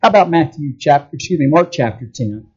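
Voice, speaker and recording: A man's voice: on the high side, lively intonation, brisk, darkish tone, husky, highs cut off. A man preaching a sermon, asking his listeners rhetorical questions and acting out the quotes he reads. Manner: emphatic, rhetorical questions to the audience, acts out quotes.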